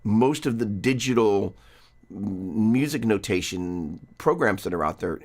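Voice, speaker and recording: A man with a fairly low voice talks through guitar theory on a live stream. He rambles in a friendly, chatty way, restarting sentences and breaking off to greet viewers. A guitar is heard behind him. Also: lively intonation, measured pace. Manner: rambling, self-interrupting, chatty.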